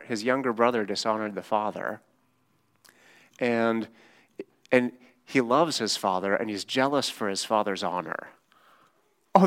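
A man's voice: mid-range voice, a bit bright, clear, resonant tone. A man preaching a sermon in a casual, conversational way. He is emphatic and often checks in with rhetorical questions.

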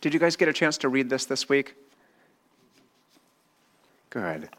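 A middle-aged man delivers a sermon at an unhurried pace in a church. His voice sits at an ordinary male pitch. He swings from loud, animated passages down to near-whispered reflection. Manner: dramatic swings from loud, animated acted quotes to quiet, slow reflection. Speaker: pastor. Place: church hall with a screen.

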